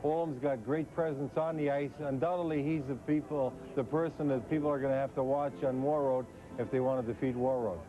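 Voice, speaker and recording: A man giving hockey analysis as a guest on a televised preview, earnest and measured, on dull lo-fi TV audio. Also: mid-range voice, steady tone. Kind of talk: TV studio analysis.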